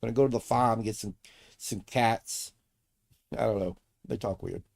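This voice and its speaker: A man's voice: lowish voice, moderate pace, gravelly, a little mellow, no echo. Blunt, opinionated man streaming. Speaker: streamer host. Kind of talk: casual chat on a livestream.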